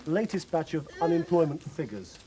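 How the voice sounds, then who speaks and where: A man presenting a spoof current-affairs interview in a pompous, deadpan newsreader tone. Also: fairly high pitch, normal speed, a little hiss or hum.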